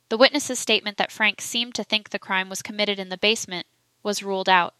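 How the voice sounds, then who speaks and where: A woman narrating an audiobook reading of a historical trial report, steady and even. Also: mid-range voice, a little fast, clear, resonant tone, dry recording.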